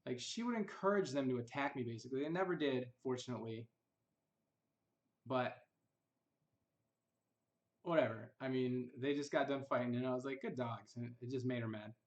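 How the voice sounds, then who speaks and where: A man's voice: medium pitch, normal speed, long pauses, highs cut off. Bitter, rambling young man telling his story. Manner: bitter, rambling, quotes others in mocking voices. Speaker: vlogger recounting family history. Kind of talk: casual personal storytelling.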